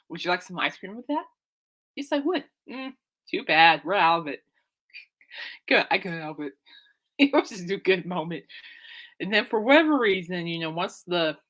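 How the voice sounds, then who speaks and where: A woman's voice: mid-range voice, bright, forceful tone. A young woman telling a rambling, laugh-filled story as host of her own show, acting out what people said. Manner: rambling, laughing often, acts out quotes. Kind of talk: casual storytelling chat.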